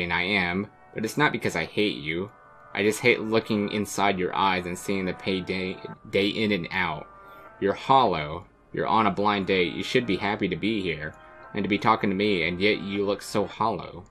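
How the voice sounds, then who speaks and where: A man's voice: low-pitched, moderate pace, pushed and bright, faint music behind. A man voicing a cruel, contemptuous young woman on a blind date, reading game dialogue aloud in a cold, relentless way. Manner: cold, cutting, relentless insults.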